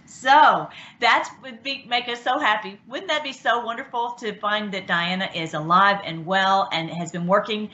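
Rambling excited woman, dull lo-fi audio. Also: mid-range voice, moderate pace, hardly any pauses. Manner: rambling, excited, with many restarts and fillers. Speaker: online show host. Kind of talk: casual talk commentary. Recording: dull lo-fi sound.

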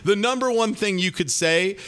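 A man's voice: high-pitched, moderate pace, a bit bright, clear, resonant tone. A man co-hosting a casual TV recap podcast, rambling with lots of fillers and crude jokes. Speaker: podcast co-host.

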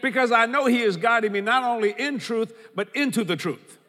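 A man preaching in a church with a high, bright, ringing voice. He drives his points home by repeating lines and reading scripture aloud. The sound carries a long hall reverb. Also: brisk. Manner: preaching with emphatic repetition, quoting scripture. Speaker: pastor. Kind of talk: sermon.

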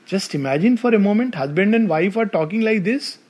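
An Indian English man gives an animated devotional talk to a gathered audience. He tells stories in a fairly high voice and keeps turning to the listeners with questions. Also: brisk. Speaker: spiritual speaker.

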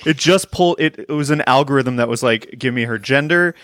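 A man co-hosting a casual chat, reasoning things through in a measured way with restarts. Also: medium pitch, a bit bright, no room sound, clean studio sound.

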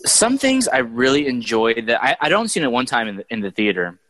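A young man chatting casually about movies, animated and excitable with plenty of filler words. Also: mid-range voice, fairly quick, low-quality recording. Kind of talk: casual chat.

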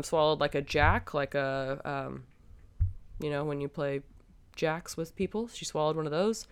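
A young adult woman hosts a podcast and chats her way through a film recap. Her voice is strikingly smooth and clear, sitting a little low. She talks loosely, with plenty of "um" and "like" along the way. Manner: chatty, many fillers and hedges. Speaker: podcast host.

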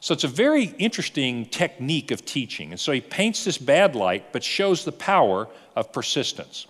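Man, pastor, sermon, lively storyteller, mid-pitched voice, long church reverb. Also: moderate pace. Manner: animated storytelling with rhetorical questions.

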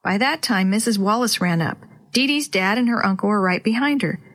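A woman reading a chapter book aloud to children as host, with clear, expressive storytelling. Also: mid-range voice, a little fast.

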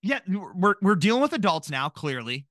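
A man in his thirties, a podcast co-host chatting casually in an animated, joking, self-deprecating way. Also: high-pitched, moderate pace, dry recording, clean studio sound. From Minnesota. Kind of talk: casual chat.

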